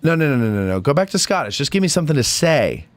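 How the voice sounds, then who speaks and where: Playful male host, lively pitch. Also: fast talker, dry recording. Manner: playful, teasing, joking. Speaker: podcast host. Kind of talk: casual interview chat.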